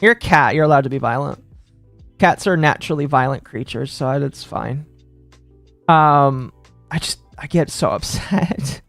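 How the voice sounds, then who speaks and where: A man from Texas streaming live, chatting casually with his audience in a rambling, excitable way that tips into rants. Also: medium pitch, vocal fry, dry recording, soft background music. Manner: rambling, excitable, quick to rant.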